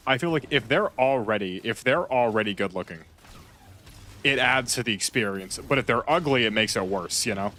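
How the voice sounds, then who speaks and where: A man chatting casually while playing a game, rambling and repeating himself, with sudden loud outbursts. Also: mid-range voice, animated, normal speed, a little hiss or hum. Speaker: gaming streamer. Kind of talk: casual gameplay chat.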